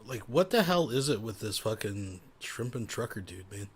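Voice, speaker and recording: A man's voice: lowish voice, very animated, normal speed, husky. Sarcastic male commentary host. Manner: sarcastic, profane asides.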